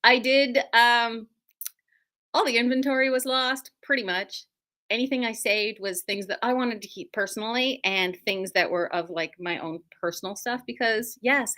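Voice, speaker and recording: Bright-voiced chatty quilt shop host. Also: female voice, medium pitch. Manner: chatty, self-deprecating, joking. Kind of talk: casual livestream chat.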